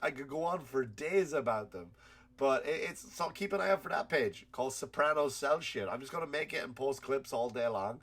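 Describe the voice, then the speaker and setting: A man's voice: mid-range voice, lively intonation, normal speed, fairly bright tone. A man hosting a comedy podcast, ranting in a rambling, profane way and laughing at his own stories while he has a cold. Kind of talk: comedic rant.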